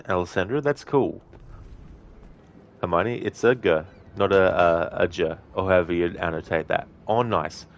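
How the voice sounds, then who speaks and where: A man streaming a video game, chatting casually and reading out his chat's messages. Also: sits low. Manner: chatty, reads out chat messages, laughs often. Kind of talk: casual gameplay commentary.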